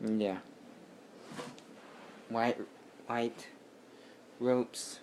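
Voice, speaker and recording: A man's voice: mid-range voice, a little hiss or hum. A young man reviewing a toy wrestling ring at home in a rambling, loosely unscripted way, picked up by the camera mic. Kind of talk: casual video toy review.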